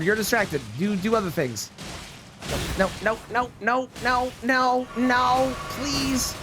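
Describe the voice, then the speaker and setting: A streamer giving live gameplay commentary, excitable, yelling, swearing and pleading with teammates. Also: medium pitch, slow, over music.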